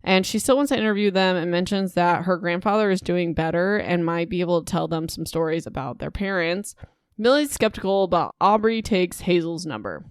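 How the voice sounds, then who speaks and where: A young woman hosting a podcast, recapping a book in a casual, animated, indignant way, with many "like"s. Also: lowish voice, fairly quick, smooth, no room sound, studio quality. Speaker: podcast host.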